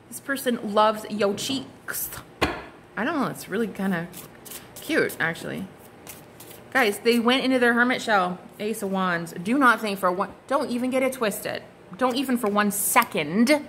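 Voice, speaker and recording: A woman's voice: medium pitch, a bit bright, slight background noise. A woman giving a casual, gushing tarot reading to her viewers, exclaiming and swearing freely as she turns the cards. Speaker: tarot card reader.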